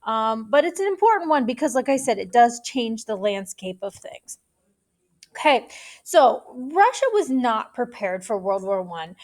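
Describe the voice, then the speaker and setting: Middle-aged woman teacher, high-ish voice, chatty lecture style with fillers and asides. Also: very animated, a little slow, darkish tone. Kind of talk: recorded history lecture.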